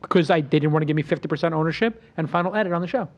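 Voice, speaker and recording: A man hosting a casual roundtable show, his voice sitting high for a man. He tells stories boastfully and with animation, acting out the lines of the people he met. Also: racing. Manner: boastful, animated storytelling with acted-out quotes. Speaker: podcast host.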